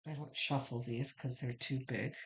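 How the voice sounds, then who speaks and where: A woman's voice: a bass voice, steady tone, normal speed. A middle-aged woman giving a casual, meandering tarot reading, chatty and full of fillers. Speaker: tarot reader.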